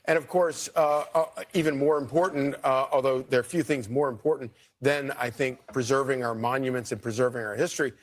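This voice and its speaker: Man, cable news panelist, measured and halting. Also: medium pitch, fairly even intonation. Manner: measured, with many fillers.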